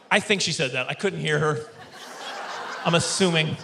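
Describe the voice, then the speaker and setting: A man doing stand-up in front of a studio audience, his voice high and bright. He tells the story with animated energy and slips into quick mock voices for others. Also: slight background noise. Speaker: stand-up comedian. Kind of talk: stand-up comedy routine. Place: stage before a live studio audience.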